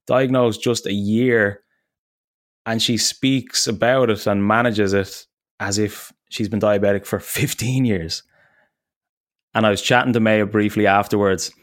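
A man's voice: on the low side, dry recording, studio quality. A man hosting a podcast, wrapping up in a friendly, chatty way and laughing often. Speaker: podcast host. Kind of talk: casual podcast outro.

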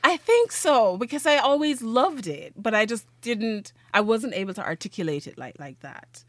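A woman guest telling stories from her past in a casual conversation, animated and laughing often as she acts out the people she quotes. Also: on the high side, normal speed, dry recording.

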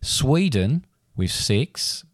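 A man's voice: mid-range voice, very animated, drawn-out words, no room sound, clean studio sound. A middle-aged man, a father co-hosting a casual podcast chat, talkative and prone to laughing and trailing off. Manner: chatty, laughs often, trails off mid-sentence.

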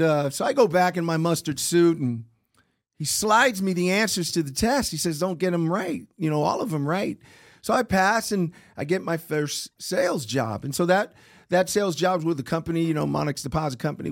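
A man's voice: on the high side, gravelly, no room sound, clean studio sound. A middle-aged man, an interview guest telling stories in casual talk and acting out the people he quotes. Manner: animated storyteller acting out quoted dialogue.

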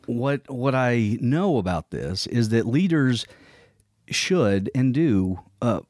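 A man's voice: mid-range voice, animated, slow pace, darkish tone, dry recording, studio quality. A man explaining workplace roles in an earnest, conversational way, now and then acting out what a colleague might say. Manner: earnest, explanatory, acts out quoted colleagues in passing.

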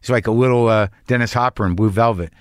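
A man's voice: mid-range voice, fast, dry recording, studio quality. A man hosting a podcast, talking in a rambling, anxious, profane comedic monologue. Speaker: podcast host.

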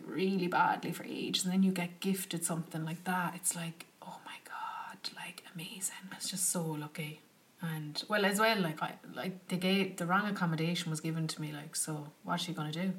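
A young woman telling a travel story to her viewers in a chatty, animated way, full of "like" and "do you know". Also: on the low side, normal speed. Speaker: travel vlogger. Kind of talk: casual travel storytelling to camera. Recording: slightly distant from the mic.

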